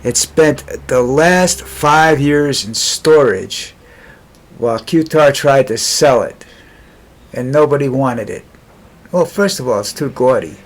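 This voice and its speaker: A man giving casual political commentary in a vlog, rambling and sarcastic, with scornful asides and frequent halting restarts. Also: mid-range voice.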